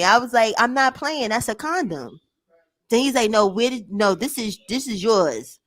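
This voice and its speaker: A young woman telling a story in an animated way, swearing freely and jumping up into the voices of her family members. Her voice sits a little high. The recording is very dry and close. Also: moderate pace, no room sound. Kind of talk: casual storytelling chat.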